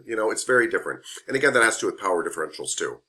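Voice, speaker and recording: A man's voice: fairly low pitch, very animated, very fast, pushed and bright. A man teaching a massage therapy class in a classroom, speaking frankly and conversationally and repeating his key points. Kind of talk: classroom lecture.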